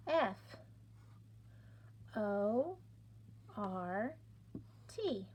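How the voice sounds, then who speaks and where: A middle-aged woman teaching phonics at a very unhurried pace, sounding out each letter with care. Her voice sits a little high, with a gravelly, slightly husky edge. She speaks in a patient, encouraging teacher manner. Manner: sounds out letters and stretches words clearly, encouraging. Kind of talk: slow, deliberate classroom instruction.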